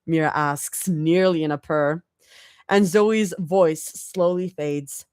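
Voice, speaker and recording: A woman's voice: low-pitched, slow, darkish tone, clean tone, no room sound, studio quality. A woman doing a casual live reading of a story, with small slips and restarts. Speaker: fanfic reader.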